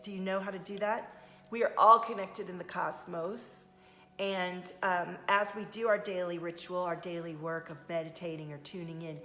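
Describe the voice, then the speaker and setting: A woman spiritual coach hosting a live stream, talking casually to viewers and greeting them by name in a soft, soothing way. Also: medium pitch, reverberant. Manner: chatty, addresses viewers by name.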